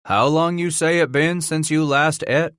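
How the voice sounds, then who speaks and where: A man voicing a friendly head oarsman on a river flatboat, speaking folksy with a Kentucky accent. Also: a little high, unhurried, clean tone, no room sound, studio quality, pitched above the performer's own voice.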